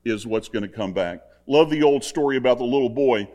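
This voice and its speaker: A man's voice: medium pitch, a little fast, warm tone. Older man preaching an earnest sermon. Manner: earnest, conversational, repetitive exhortation.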